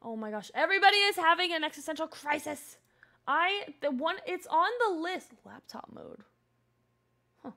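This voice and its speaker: A young woman streamer chatting casually through a life-simulation game. Her voice sits high, with a gravelly fry at the ends of phrases. She talks to her viewers and coaxes her game characters along. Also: lively intonation, moderate pace, pushed and bright. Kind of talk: casual gameplay commentary.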